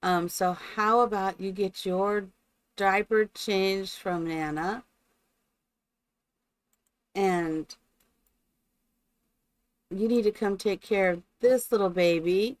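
A woman's voice: mid-range voice, takes it slowly, long pauses, low-quality recording. A woman streaming gameplay live, chatting along and talking fondly to her game characters, after opening with a spoken blessing.

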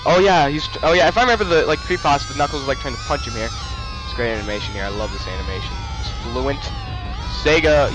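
A man giving crude, jokey commentary on a horror game, reacting loudly to the scares. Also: mid-range voice, rough recording. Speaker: gameplay commentator. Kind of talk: let's play commentary. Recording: game music playing under the voice. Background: game music.

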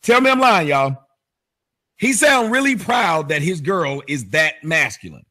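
A man's voice: on the high side, big pitch swings, unhurried, bright, forceful tone. A man hosting a commentary show, mocking the clips he plays in a sarcastic, sing-song teasing way. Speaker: commentary host.

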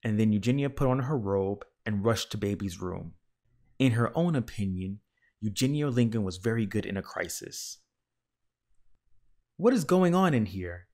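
A man reading a children's picture book aloud in a calm, measured narration. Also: lowish voice. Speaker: storyteller.

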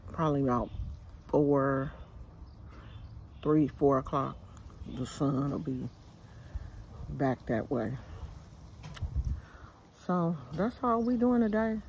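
This older vlogger, Bay Area accent and all, tells her audience a relaxed, slangy story from her yard while holding a phone camera. Her voice sits low and darkish, with a little hiss or hum in the recording.

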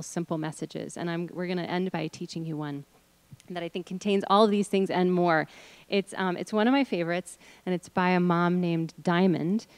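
A woman's voice: on the low side, clear, resonant tone, no room sound. A middle-aged woman leading an audience through voice exercises, encouraging them and demonstrating with hums, chants and sung notes. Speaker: workshop leader.

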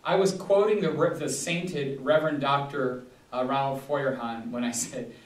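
A man's voice: medium pitch, fairly even intonation, moderate pace. A man, a pastor, leading a Bible study in a casual, rambling way with frequent restarts. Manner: rambling, digressive, many restarts and fillers. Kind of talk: casual teaching talk. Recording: echoey room, distant mic.

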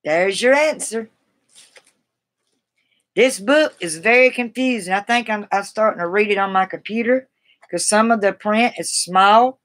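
A woman's voice: medium pitch, unhurried, fairly bright tone. A woman from the American South with a Southern accent, chatting casually and rambling to viewers on a live stream. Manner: chatty, rambling, laughs easily.

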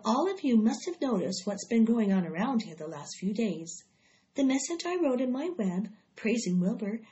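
Lady doing a calm bossy spider lady, firm and precise, kinda high, muffled lo-fi sound. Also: lightly acted. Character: wise, bossy female barn spider. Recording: dull lo-fi recording.

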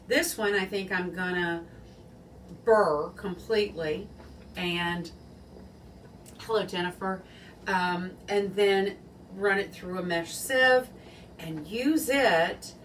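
A woman's voice: on the low side, takes it slowly, pauses often, fairly bright tone, far from the mic. Casual woman cooking-show host, chatty and rambling, heard from a little way off the camera mic with faint background noise. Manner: chatty, rambling, self-deprecating. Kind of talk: casual home cooking livestream. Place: home kitchen. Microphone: phone or camera on small tripod, set back.

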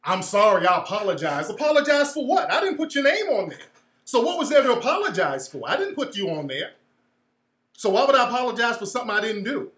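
A man rants on a livestream, cursing freely and mocking someone in a meek mimicking voice. His tone is bright and forceful. The sound carries a roomy echo. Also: very high-pitched, very animated, fast talker. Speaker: host. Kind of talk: livestream commentary reacting to a clip.

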